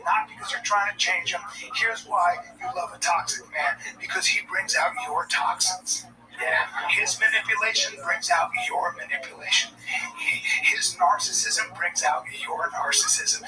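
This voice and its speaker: A man in his forties performing a sardonic stand-up comedy set, bursting into shouts at times. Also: high voice, normal speed. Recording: distant mic with clear background noise.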